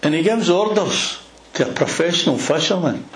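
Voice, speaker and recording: A Scottish man with a broad Glasgow accent delivers a lively sermon, spinning a Bible passage into a vivid everyday story. His voice sits fairly high for a man and rings in an echoey room with faint background hiss. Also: normal speed. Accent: Glaswegian Scottish. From Scotland. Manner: animated storytelling with local slang. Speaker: preacher. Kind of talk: expository sermon.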